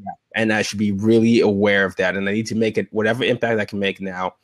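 A man's voice: lowish voice, level tone, fast talker, no echo, clean studio sound. A man in his twenties hosting a podcast, asking earnest, reflective questions in casual conversation. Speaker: podcast host.

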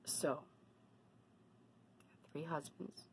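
A woman's voice: deep voice, fairly even intonation, very slow, vocal fry, darkish tone, slight background noise, poor audio. A woman talking casually to her camera in a personal vlog, confiding and then indignant about bad deals. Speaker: vlogger.

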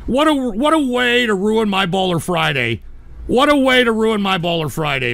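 A man hosts a live stream in an angry, exasperated rant, swearing at his chat and breaking into shouts. His voice sits very high for a man and carries a gravelly fry. It has a sharp, bright edge. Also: big pitch swings, moderate pace, no echo. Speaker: live-stream show host. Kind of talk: ranting live-stream commentary reading chat.

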